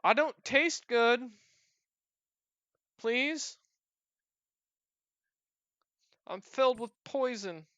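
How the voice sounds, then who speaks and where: Someone doing a bragging high-pitched goblin. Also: takes it slowly, a bit bright, no echo, lo-fi sound. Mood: pleading. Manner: rambling, bragging, nervous pleading. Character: boastful cowardly male goblin mercenary.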